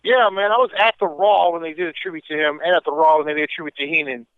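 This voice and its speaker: A man co-hosting a podcast in casual chat, an easygoing storyteller with quick comebacks, heard over a tinny phone-like line. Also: on the high side, steady tone, smooth, no room sound. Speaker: podcast co-host.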